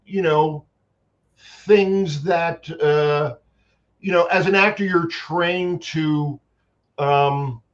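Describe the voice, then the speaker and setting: Animated New man telling stories. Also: a little high. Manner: animated, long-winded anecdotes with many restarts. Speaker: guest, actor and paranormal investigator. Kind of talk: casual storytelling chat. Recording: dull lo-fi sound.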